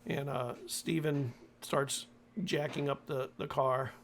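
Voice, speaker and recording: A man narrating as game master for a tabletop horror game, halting with many fillers. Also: medium pitch, flat delivery, creaky, a little hiss or hum.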